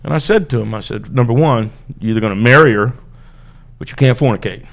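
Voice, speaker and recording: A man's voice: medium pitch, quick pace, creaky, highs cut off. A man, a pastor, telling a personal story in a conversational sermon, acting out the dialogue and laughing now and then. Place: church.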